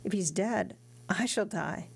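A woman voicing a determined young woman in love, in an earnest, steady read. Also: mid-range voice, slow pace, vocal fry, breathy edge, full character voice.

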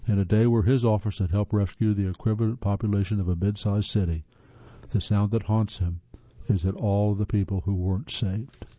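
A man's voice: on the low side, steady tone, brisk, warm tone, no echo. A man from the northern United States reading articles aloud as a host, earnest, with spoken asides and occasional stumbles. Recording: slightly dull lo-fi sound.

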